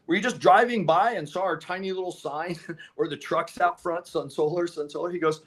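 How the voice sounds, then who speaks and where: Speaking quickly in a high voice, a solar company co-owner recounts anecdotes during a relaxed interview. He acts out what others said with lively energy, breaking into laughter as he goes.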